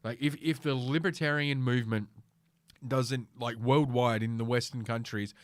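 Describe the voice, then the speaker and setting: A middle-aged man hosts a casual solo podcast from a home room, ranting in a profane, sardonic, rambling way. His voice is medium-pitched and steady at a moderate pace, and the recording is dry.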